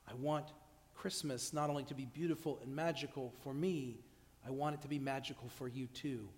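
A man preaching a conversational sermon in a church at an evening service, humorous and animated, often restarting his sentences. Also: medium pitch, fairly quick. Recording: long church reverb.

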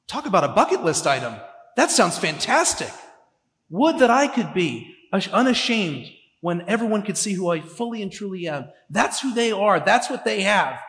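A man's voice: sits high, fairly bright tone. A man preaching a sermon in a conversational way, with emphatic repetitions, in a church sanctuary. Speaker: pastor. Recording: echoey hall with long reverb.

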